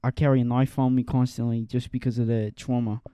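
A man's voice: medium pitch, flat delivery, fairly quick, mellow, a little hiss or hum, lightly acted. A man voicing a boastful male street tough from South Wales, in a mock British accent. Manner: boastful, exaggerated.

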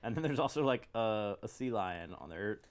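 Lively man reading beer notes. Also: lowish voice, moderate pace, a crowd in the background. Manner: lively, reads beer descriptions. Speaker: podcast co-host. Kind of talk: casual podcast chat.

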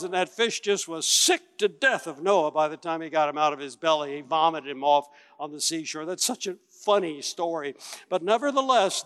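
A man preaching a sermon as a pastor, telling the story with lively acted-out voices and big swings from loud to quiet. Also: high-pitched. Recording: long reverb of a large hall.

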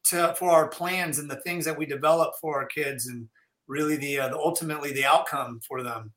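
A man's voice: fairly high pitch, steady tone, brisk, a bit bright. A man chatting enthusiastically on a podcast, retelling scenes with quoted lines. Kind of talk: casual chat. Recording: echoey room.

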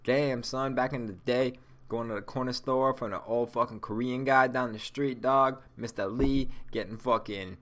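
A man's voice: medium pitch, fairly even intonation, normal speed, a bit bright. A man hosting a podcast alone, rambling casually and stoned, with heavy swearing. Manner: rambling, heavily profane, stoned. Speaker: podcast host. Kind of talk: casual solo podcast rant.

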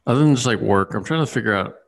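A man's voice: mid-range voice, animated, racing, vocal fry. A man in casual chat, rambling with lots of fillers and restarts.

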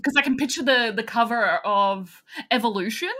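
A woman's voice: fairly high pitch, normal speed. An Australian woman co-hosting a film podcast, chatting casually and laughing often. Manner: chatty, laughs often, quotes people in lively voices. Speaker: podcast co-host. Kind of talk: casual chat.

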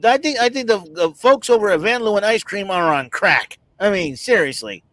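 A man co-hosting a podcast in easygoing chat, his pitch leaping up and down as he exclaims. His voice sits a bit high for a man, and a faint hiss runs under it. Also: normal speed, no room sound, low-quality recording. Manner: animated, exclaiming, speaks with disgust at odd foods. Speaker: podcast co-host. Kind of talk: casual chat.

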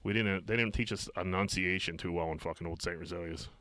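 Young man, Pittsburgh accent, lowish voice, bright tone, crude rambling podcast banter, dry sound. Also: fast talker, no echo. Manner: crude, rambling, heavy filler words. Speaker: podcast co-host. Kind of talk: casual profane banter.

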